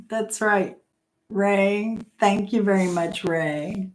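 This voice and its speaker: A woman's voice: mid-range voice, very slow, darkish tone, poor audio. A middle-aged woman hosting a casual live-stream trivia game. She is chatty, laughs often, reads questions aloud and greets viewers by name.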